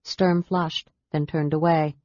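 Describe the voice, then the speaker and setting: Low-voiced woman reading a fantasy audiobook. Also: little pitch movement, slow pace, mellow, no echo. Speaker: audiobook narrator. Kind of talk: scripted narration. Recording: dull dry audiobook recording.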